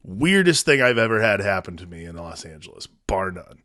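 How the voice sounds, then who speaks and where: A man co-hosting a podcast, telling a relaxed anecdote and offering short agreeing replies. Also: low-pitched, a little fast, no room sound, studio quality. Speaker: podcast co-host. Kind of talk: casual chat.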